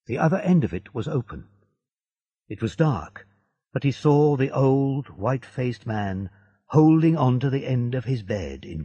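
A man narrating a story in a slow, deliberate storybook reading. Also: medium pitch, big pitch swings. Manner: slow, gravelly, dark-toned reading. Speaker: audiobook narrator. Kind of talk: scripted narration of a graded reader. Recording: dull lo-fi dry recording.

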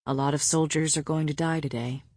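A woman voicing a quiet, tender male war leader with wings, speaking low and hushed in a story reading. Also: normal speed, slightly rough, no echo, clean studio sound. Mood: solemn.

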